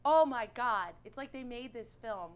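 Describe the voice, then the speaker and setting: A woman co-hosting a casual podcast chat, animated and playful, quick to laugh. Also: a little high, smooth. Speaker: podcast co-host. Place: Alaska.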